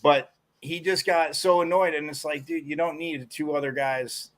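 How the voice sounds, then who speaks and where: A man co-hosts a live sports talk show, and his voice sits a little higher than most men's. He talks in a rambling, animated way, piling up restarts as he tells his stories. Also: moderate pace. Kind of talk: casual sports talk commentary.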